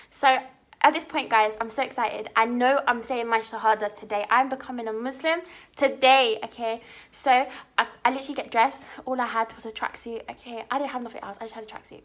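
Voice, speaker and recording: A woman's voice: a little high, brisk, fairly bright tone. A young woman telling a personal story to camera in a chatty way, often asking her viewers "okay?". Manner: chatty, frequent "like" and "okay?" check-ins. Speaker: vlogger.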